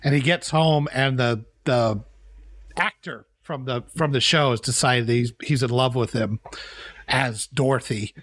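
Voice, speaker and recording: A man's voice: medium pitch, a little slow, no room sound. A man co-hosting a podcast, telling movie scenes in a casual chat and often laughing. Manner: animated storytelling with frequent laughs. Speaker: podcast co-host.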